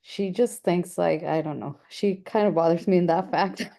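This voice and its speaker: A woman student in a class discussion, speaking hesitantly in halting bursts with many restarts. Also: lowish voice, vocal fry, mellow.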